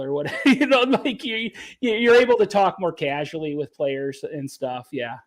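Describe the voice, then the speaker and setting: Speaking at a moderate pace with few pauses, a high-voiced man with lively intonation talks as a podcast guest. A caddie and author, he reflects earnestly in casual interview talk and often starts his sentences over.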